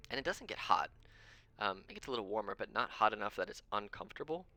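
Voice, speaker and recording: A man running a tabletop game as game master, narrating in a loose, rambling way full of ums. His voice sits low in pitch yet has a bright, forward edge. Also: big pitch swings, fast talker, no echo. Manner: rambling, lots of ums, chuckles often.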